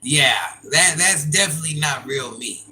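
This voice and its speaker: An older woman chatting casually on a live stream, laughing often and breaking into loud exclamations. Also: deep voice, moderate pace, slight background noise, low-quality recording. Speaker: livestreamer.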